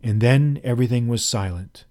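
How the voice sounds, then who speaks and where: A man telling a first-person tale in a measured, dramatic reading. His voice sits at an ordinary middle pitch for a man, and the delivery is steady storytelling narration. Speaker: audiobook narrator.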